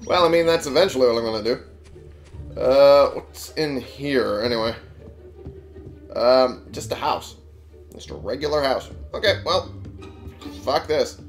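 A man's voice: medium pitch, unhurried, long pauses, soft background music. A man giving casual let's play commentary, sarcastic and swearing as he talks back to game characters. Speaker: gamer playing on a channel.

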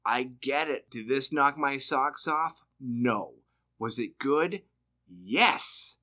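A man's voice: medium pitch, animated, takes it slowly, bright, forceful tone. A man from Massachusetts hosting a casual podcast chat, blunt and profane, firing off rhetorical questions. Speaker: podcast host.

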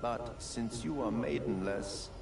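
An actor playing a courtly, sinister male knight who recruits followers, in a slow, silky and ingratiating voice. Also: mid-range voice, creaky, noisy background. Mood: silky, persuasive. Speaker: game character. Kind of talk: video game voice acting. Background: game music.

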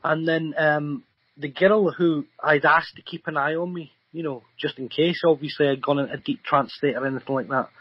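A man's voice: fairly high pitch, steady tone, normal speed, breathy edge, dry recording, highs cut off. A man, a guest psychic medium, telling a long story in an earnest, rambling way full of ums and restarts. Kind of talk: remote radio interview storytelling.

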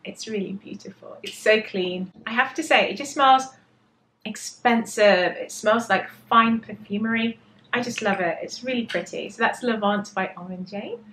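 A woman's voice: mid-range voice, moderate pace, a bit bright, a little hiss or hum. An English woman reviewing perfumes in a vlog, talking with enthusiastic, gushing detail about how they smell. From England. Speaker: perfume vlogger.

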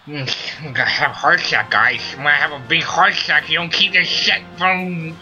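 A man playing a video game and commenting, ranting loudly at his teammates in a put-on silly voice. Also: a little high, steady tone, moderate pace, dull audio. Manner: loud, frustrated ranting at teammates. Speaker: let's play gamer. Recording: faint game music behind. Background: game music.

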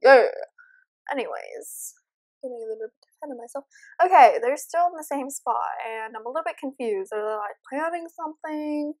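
High-voiced nervous young woman gamer. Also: animated, moderate pace. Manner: nervous, jumpy, talks to viewers. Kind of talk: horror game commentary.

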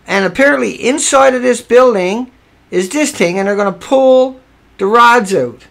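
A man's voice: very high-pitched, normal speed, gravelly, fairly bright tone. A man hosting a livestream, arguing his point emphatically and repeating himself. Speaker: livestream host. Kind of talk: casual livestream commentary.

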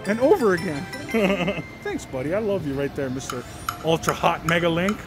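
A slot machine vlogger giving excited live commentary on a casino floor, pleading with the machine over and over. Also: mid-range voice, moderate pace. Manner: excitable, pleads with the machine, repeats "come on" and "one more". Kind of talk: excited live commentary while playing slots. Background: jingling slot machine music.

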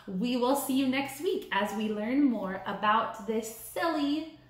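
A woman teacher reading a counting story aloud to young children in a sing-song, animated way, coaxing them to count along. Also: a little high, unhurried. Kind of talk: storybook read-aloud lesson. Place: classroom or learning center room. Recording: echoey room.

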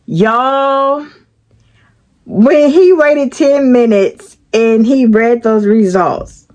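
A young woman with a drawl tells a story to her viewers, lively and direct. Her voice sits on the higher side and stays animated as she talks straight into the camera. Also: slow pace. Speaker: vlogger. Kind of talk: storytime vlog.

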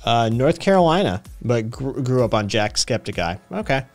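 A man's voice: mid-range voice, big pitch swings, normal speed, soft background music. Easygoing man streaming with a slight Tennessee accent. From Vermont and Tennessee. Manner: rambling, swears freely, laughs often. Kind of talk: casual live-stream chat.

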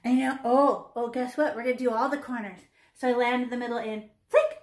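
A woman's voice: fairly high pitch, fairly even intonation, brisk, a little mellow, roomy sound. A woman in her fifties teaching children to paint, playful and chatty, teasing the class and talking to herself as she works. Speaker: art teacher.

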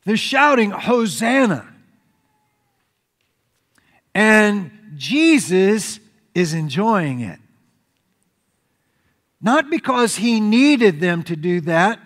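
A man preaching a sermon as pastor, telling the story in an animated way. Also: high-pitched, slow pace, pauses often. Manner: animated storytelling preacher, acts out crowd shouts. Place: church sanctuary. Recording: reverberant church hall.

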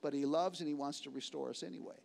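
Pastor, male, high voice, emphatic repeating sermon delivery. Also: fairly even intonation, gravelly. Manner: slows for key words, swings between loud and hushed.

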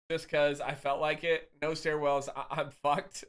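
A man's voice: on the high side, fairly even intonation, unhurried, few pauses, fairly bright tone, smooth. A male streamer in casual chat with his viewers, joking, swearing and reading their messages aloud. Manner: loose, swearing, teasing banter with chat; reads chat messages aloud and answers them.

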